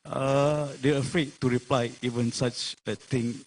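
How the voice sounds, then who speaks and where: A man's voice: mid-range voice, fairly even intonation, measured pace, slight background noise. A Malaysian man speaking as a forum panelist, earnest and full of fillers, slipping Malay phrases into his English. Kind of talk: forum talk. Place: online forum.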